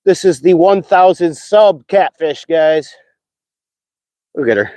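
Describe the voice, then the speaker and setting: A man casually chatting on a live stream while fishing, excitable and talkative, whooping when thrilled. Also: on the high side, slow pace, no room sound.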